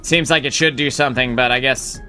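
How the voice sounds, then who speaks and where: A man's voice: mid-range voice, steady tone, a little fast, bright, forceful tone, faint music behind. A man streaming a game live, rambling casually as he thinks aloud and swears now and then. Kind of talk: casual gameplay commentary.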